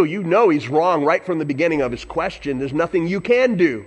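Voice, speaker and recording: A man preaching a sermon as pastor, animated and acting out voices, with sudden loud whoops. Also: high-pitched, moderate pace.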